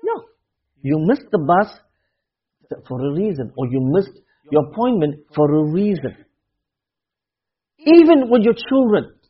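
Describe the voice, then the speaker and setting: Husky guy preaching, swings high and low, repeats his points hard. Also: lo-fi sound. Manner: emphatic, repeats key phrases, drops to near murmurs. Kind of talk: sermon.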